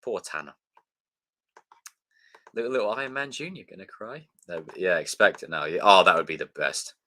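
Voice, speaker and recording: A young man with a low voice closes out a live stream at normal speed, his delivery pushed and bright. He keeps it casual and loose, swearing as he thanks viewers by name.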